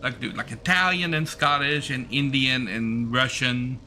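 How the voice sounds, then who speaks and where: Bright-voiced rambling male streamer. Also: medium pitch, normal speed, slight background noise. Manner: rambling, many fillers and restarts. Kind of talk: casual chat while gaming.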